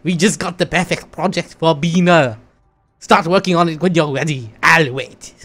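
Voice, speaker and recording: A woman's voice: low-pitched, normal speed, fairly bright tone, soft background music. A woman voicing a fussy male French city project manager with a put-on French accent, formal and over the top. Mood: chirpy.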